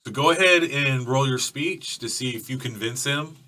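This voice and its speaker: Bright-voiced man running a tabletop game. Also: medium pitch, normal speed, recorded from a distance. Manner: loose, profane, filler-heavy storytelling. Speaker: game master.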